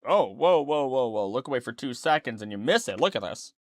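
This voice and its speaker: A man's voice: mid-range voice, sing-song, fairly quick, no room sound. Brief: tired man, casual rambling reaction commentary, close dry mic, mid-range voice. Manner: rambling, self-correcting, chatty asides. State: tired, yawning late at night. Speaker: streamer reacting to a documentary.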